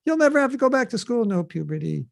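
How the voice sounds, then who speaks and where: A man hosting a podcast, teaching scripture in a casual, animated way and acting out quoted voices. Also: very high voice, quick pace, gravelly, dry recording.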